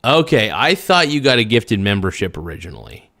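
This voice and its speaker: A man's voice: lowish voice, big pitch swings, fairly quick, gravelly, bright, forceful tone, no echo, studio quality. A man hosting a casual livestream, reading viewer comments aloud and answering them in a rambling, blunt way. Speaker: livestream host.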